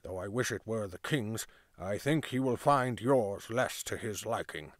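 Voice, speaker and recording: A man's voice: fairly low pitch, animated, a little slow, no echo, clean studio sound. A man voicing a stern male constable who speaks in grave, formal, clipped orders. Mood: hushed. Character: stern male town constable, secretly helpful.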